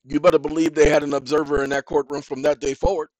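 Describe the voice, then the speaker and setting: Man, slightly high voice, dry sound; blunt, informal lecturer who hammers points home by repetition. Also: flat delivery, fast talker, darkish tone, dry recording, rough recording. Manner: blunt, emphatic, lecturing, repeats phrases for stress; informal street-style speech. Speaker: self-help legal educator. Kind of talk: direct-to-camera lecture.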